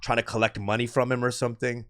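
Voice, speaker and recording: A man's voice: mid-range voice, quick pace. A man with a Californian accent, co-hosting a casual podcast chat, telling stories with lots of swearing and laughter. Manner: animated storyteller, swears a lot, laughs often. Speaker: podcast co-host.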